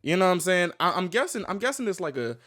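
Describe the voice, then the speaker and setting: Male reaction streamer, animated delivery, rambling with frequent restarts. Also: high voice, fast talker. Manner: loose and rambling, many restarts, swears freely. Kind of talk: casual reaction commentary.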